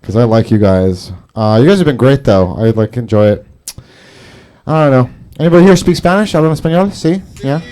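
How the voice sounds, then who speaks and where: Male stand-up comic, lively swooping pitch, profane rambling crowd work, small garage set. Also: brisk. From Salvadoran and Brazilian heritage. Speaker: stand-up comedian. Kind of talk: stand-up set at an open mic.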